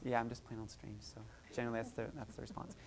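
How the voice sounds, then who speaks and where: A woman's voice: extremely low pitch, level tone, very fast, a crowd in the background. A woman music therapist teaching a group, chatty and encouraging, demonstrating vocal sounds and laughing often. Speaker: music therapist leading a workshop.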